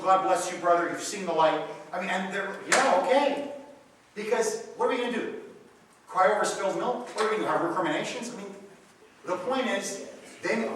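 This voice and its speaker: In a large meeting room, a radio talk show host fields audience questions at a seminar, telling stories in a passionate, preachy way. His high-pitched voice is a bit bright. The hall is echoey, the mic is far off, and there is slight background noise.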